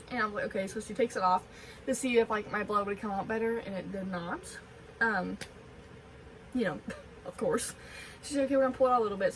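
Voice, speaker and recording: A woman's voice: a little high, distant mic, a little hiss or hum, rough recording. Rambling young woman telling a story. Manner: rambling, lots of "like", giggly asides. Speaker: vlogger. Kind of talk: casual storytelling vlog.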